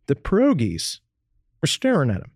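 A man's voice: on the high side, wildly swooping pitch, normal speed, darkish tone, no echo, studio quality. A man hosting a comedy podcast, reading a raunchy comic story aloud in a playful, theatrical way. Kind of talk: comic dramatic reading of erotica.

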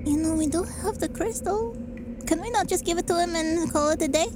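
A woman's voice: very high voice, brisk. A woman playing a tabletop game, easygoing and laughing in casual chat. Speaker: player. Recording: noise behind.

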